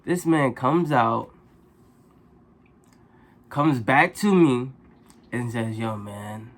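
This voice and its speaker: A man vlogger tells a casual story in a mid-range voice. He talks in slang and sounds exasperated, jumping up in pitch when he's amazed. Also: very slow.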